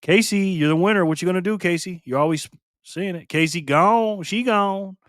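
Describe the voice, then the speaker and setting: Guy hosting a live stream, kinda high voice, teasing chat, dry close sound. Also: moderate pace, no echo. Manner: playful, teasing, laughs often. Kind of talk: casual live stream chat reading viewer comments.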